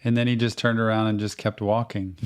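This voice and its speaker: A middle-aged man, co-hosting a podcast and telling stories in a casual, animated way. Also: on the low side, a little fast, smooth. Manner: animated storyteller, acts out quoted voices. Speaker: podcast co-host. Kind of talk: casual storytelling.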